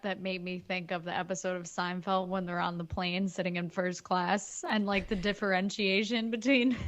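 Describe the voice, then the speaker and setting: A woman's voice: medium pitch, a bit bright. A woman co-hosting a film podcast in casual chat, playful with laughing asides. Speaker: podcast co-host.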